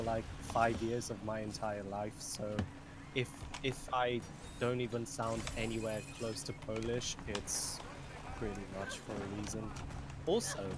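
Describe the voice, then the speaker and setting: Young man swearing through rambling stories. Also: medium pitch. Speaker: gamer chatting on a live stream. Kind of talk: casual chat. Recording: noisy online voice chat.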